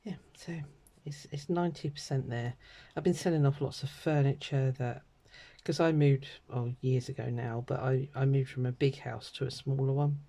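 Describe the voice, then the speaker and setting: A middle-aged British woman with a croaky throat, chatting and rambling casually while she stamps and colours a card. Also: rumbling low, steady tone, normal speed, hardly any pauses, mellow. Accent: British English. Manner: chatty and rambling, many ums and asides. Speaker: craft vlogger.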